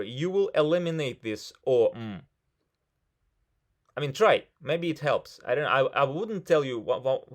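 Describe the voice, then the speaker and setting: A man with a Russian accent hosting an English conversation club, talking in a chatty, energetic way and slipping into Russian now and then. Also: a little high. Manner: switches into Russian mid-thought, energetic and chatty. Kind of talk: casual coaching chat.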